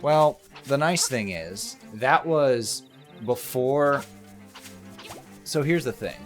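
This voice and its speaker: A man co-hosts a relaxed gameplay video, talking at a middle pitch that swings widely as he gets excited. He laughs often and chats casually, and soft game music plays behind him. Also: takes it slowly. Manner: animated, laughs often, slips into playful voices. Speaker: let's play co-host.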